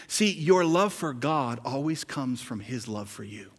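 A man preaching a sermon as pastor, conversational and animated, building to emphatic peaks. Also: medium pitch, measured pace, husky, in a large hall.

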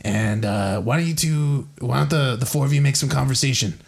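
A man voicing an older male campaign backer who talks in a persuasive, measured way with hesitant fillers. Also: medium pitch, creaky, breathy edge. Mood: reassuring.

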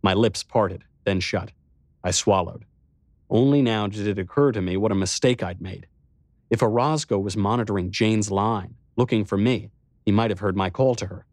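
A man narrates a novel in the first person, with a measured and introspective delivery. His voice sits on the low side. The recording is close and dry, with no room sound. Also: darkish tone, dry recording. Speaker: audiobook narrator.

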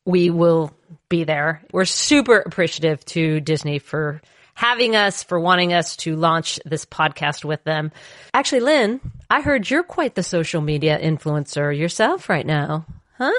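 A woman with a slightly low voice co-hosts a podcast in a bubbly, joking style. The sound is dry and close, with no room around it. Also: moderate pace, no room sound. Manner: bubbly, jokey, animated storyteller. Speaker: podcast co-host. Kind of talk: casual chat.

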